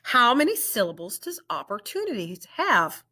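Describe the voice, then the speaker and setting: A woman teacher leading a children's reading lesson, drawing out each word slowly and praising the learners warmly. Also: a little high, very animated. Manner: slow, drawn-out word drills with encouraging praise.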